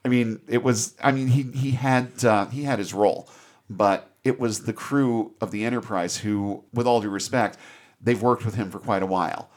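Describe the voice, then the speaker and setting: Man, low voice, podcast host, casual movie recap, animated storytelling. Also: moderate pace. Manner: animated storyteller, swears freely.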